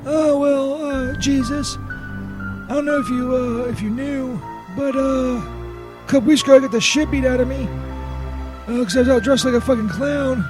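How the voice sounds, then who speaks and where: A man's voice: extremely high pitch, steady tone, normal speed. A man voicing a whiny, beaten-up male saint who swears, stammers and is constantly baffled, in a comedy radio bit. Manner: profane, stammering, bewildered. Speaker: co-host. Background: loud music.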